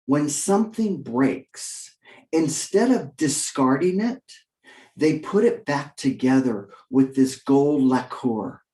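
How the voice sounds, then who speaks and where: A man giving a leadership coaching webinar talk, animated and fond of restarting his sentences. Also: echoey room. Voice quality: animated, with quick jumps in pitch and frequent restarts.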